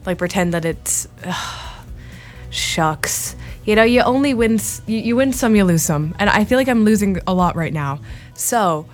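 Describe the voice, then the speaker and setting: A woman's voice: mid-range voice, lively intonation, brisk, faint music behind. A young woman hosting a college radio show, chatting casually on air in a rambling, self-deprecating way with many restarts. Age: young adult.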